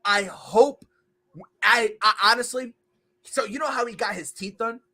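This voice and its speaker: A man's voice: very high-pitched, unhurried, pushed and bright. A man hosting a casual sports podcast, ranting and joking about wrestling and basketball. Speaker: podcast host.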